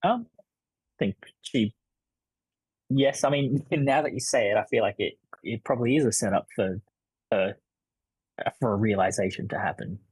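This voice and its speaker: Husky-voiced man, hedging and thoughtful. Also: on the low side, moderate pace, long pauses, a little mellow, no room sound, low-quality recording. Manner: hedging, thoughtful, restarts with likes. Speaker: podcast panelist. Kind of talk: casual podcast chat.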